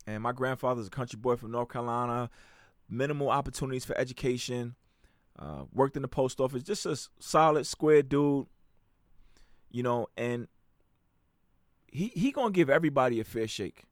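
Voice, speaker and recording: A young man hosting his own podcast, talking in a casual, animated way with slang and frequent restarts. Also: medium pitch, normal speed, pauses often, no echo, studio quality. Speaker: podcast host.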